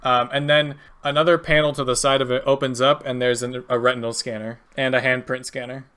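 A man narrating as game master of a tabletop game, animated and laughing often as he quotes characters. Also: medium pitch, a little fast, smooth.

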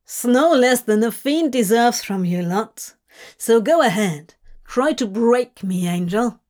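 A woman's voice: fairly high pitch, lively intonation, measured pace, a little mellow. A woman doing a sneering, snarky demon. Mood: provoking. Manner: sardonic, sneering. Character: snarky, brooding male demon.

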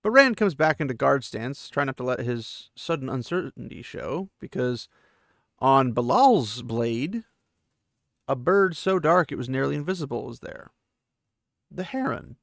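A man's voice: medium pitch, animated, unhurried, creaky, a bit bright, no room sound, studio quality. A man hosting a podcast, casually retelling a novel chapter in loose, chatty paraphrase with fillers. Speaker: podcast host.

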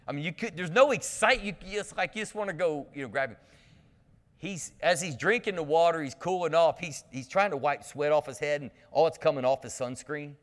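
Brisk and fairly high-pitched, a male pastor livens his sermon with camp stories, humor, and call-outs to the people in the pews. The recording carries the long echo of a church sanctuary.

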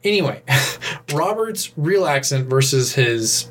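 A man co-hosting a casual podcast chat, excitable and laughing often, with some swearing. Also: fairly high pitch, slow, noisy background. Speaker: podcast co-host.

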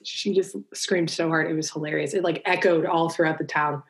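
A young American woman chatting as a podcast guest, talking fast and easy and laughing as she goes. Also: deep voice, level tone, creaky. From United States. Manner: chatty, laughing, many likes. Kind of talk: casual chat.

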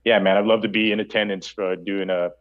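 Very deep-voiced podcast host, lo-fi sound. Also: male voice, level tone, fairly quick. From New Mexico. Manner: rambling, with frequent fillers and restarts. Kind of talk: casual podcast chat. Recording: dull lo-fi audio.

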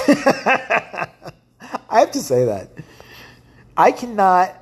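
A woman's voice: mid-range voice, sing-song, extremely slow, breathy edge. A woman hosting a solo podcast, ranting bluntly and profanely with lots of restarts. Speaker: podcast host. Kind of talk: casual solo podcast rant.

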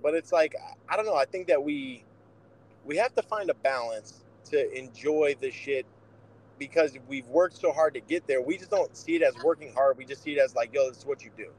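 A man's voice: on the high side, normal speed, slight background noise, poor audio. A young man co-hosting a podcast, telling boxing stories in a blunt, profane, casual way. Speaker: podcast co-host, boxer.

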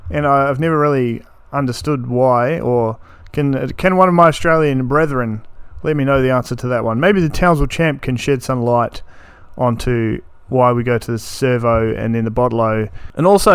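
A man's voice: mid-range voice, clean tone, no echo. A man in his thirties, from New Zealand, hosting a solo podcast in a blunt, sweary, ranting way. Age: 30s. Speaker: podcast host.

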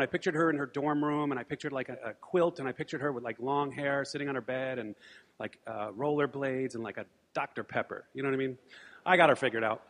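A man telling a personal story at a brisk clip, stumbling over restarts and tossing off dry asides. His pitch sits in the middle range. A long hall reverb trails behind his voice. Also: a bit bright. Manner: rambling restarts and wry asides. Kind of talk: live storytelling monologue.

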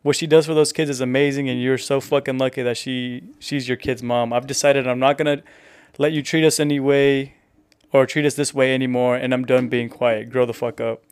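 Laid-back man chatting, smooth voice. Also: medium pitch, flat delivery, fairly quick. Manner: laid-back, swearing, reads texts aloud. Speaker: podcast co-host. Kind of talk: casual chat.

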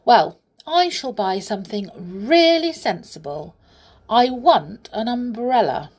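A woman's voice: medium pitch, very animated, measured pace, darkish tone, husky, voice pushed up. A woman voicing a fussy, proud male teddy bear in a storybook reading, talking in a huffy, indignant way. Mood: scornful.

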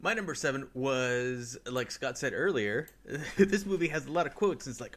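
A man speaking in a casual podcast chat with a middle-range voice. He laughs often and quotes lines in a higher voice as he goes. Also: expressive, moderate pace, fairly bright tone. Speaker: podcast co-host. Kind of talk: casual movie discussion.

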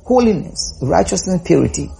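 Male preacher, mellow husky voice, emphatic and repetitive. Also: on the high side, very animated, normal speed. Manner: rising to emphatic calls, repeats words. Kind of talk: sermon.

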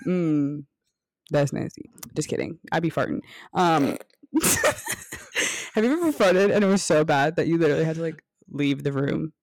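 A woman's voice: sits low, animated, moderate pace, darkish tone, no room sound, studio quality. A young woman co-hosting a casual podcast, joking crudely and playfully. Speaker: podcast co-host. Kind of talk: casual chat.

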